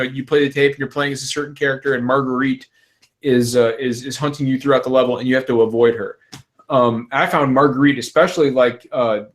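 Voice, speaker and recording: A man hosting a casual gaming podcast, telling stories excitedly and swearing freely. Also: medium pitch. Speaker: podcast host.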